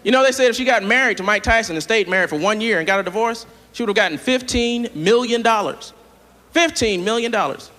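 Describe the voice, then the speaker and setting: A man from the southern United States doing a playful, animated stand-up comedy set on a large theater stage. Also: sits high, quick pace. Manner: animated, playful, jumps into character voices. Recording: live theater hall with audience.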